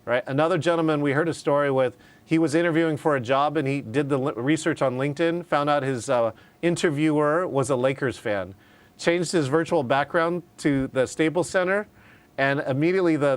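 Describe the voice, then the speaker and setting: A man's voice: on the high side, clear, resonant tone. A man teaching a live online class on virtual meetings, talking conversationally and often checking in with "right?". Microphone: video call.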